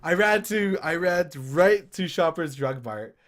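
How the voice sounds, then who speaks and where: A young Canadian man with a high-sitting voice and an unhurried pace tells a rambling drinking story in casual chat. He's a podcast co-host who swears and animatedly acts out what he said in voiced quotes.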